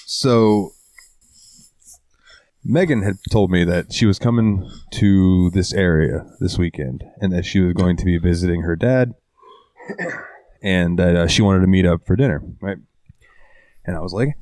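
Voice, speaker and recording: A man's voice: low-pitched, measured pace, pauses often, no echo. A man hosting a casual podcast, telling a story full of swearing. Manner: profane, animated storytelling. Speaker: podcast host. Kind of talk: casual chat.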